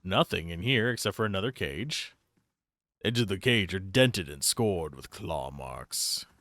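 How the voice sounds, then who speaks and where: Lively, chatty man playing a game. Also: low-pitched, unhurried, no echo. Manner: chatty, reads game text aloud. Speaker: let's play streamer. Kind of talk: casual gameplay commentary.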